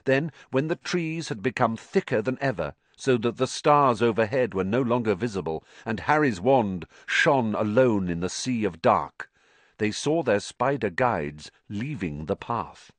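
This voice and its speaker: A man reading a story aloud as an audiobook narrator in an expressive, dramatic way. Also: fairly low pitch, unhurried, dry recording.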